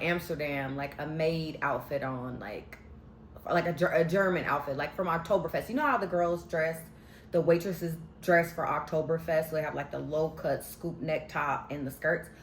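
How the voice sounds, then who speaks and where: A woman's voice: deep voice, slight background noise. A woman recapping a reality show in a casual, sassy, slangy way, giving candid opinions. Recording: echoey room.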